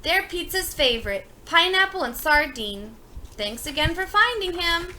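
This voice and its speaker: A woman's voice: very high voice, big pitch swings, pushed and bright, a little hiss or hum, pitched above the performer's own voice, exaggerated voice. A woman voicing a worried, frantic little man who owns a pizza shop, in a storybook reading. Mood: grateful. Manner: frantic and fast.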